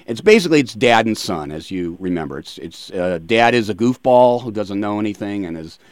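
A man's voice: fairly low pitch, animated, dry recording. A man hosting a radio talk show, chatting casually with a guest and making self-deprecating jokes. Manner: joking, self-deprecating, quick asides.

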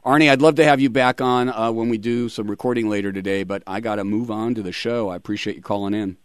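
A man's voice: fairly low pitch, fairly even intonation, fast talker, clean tone, no room sound, studio quality. A middle-aged man hosting a radio talk show, chatting in a rambling way with many fillers.

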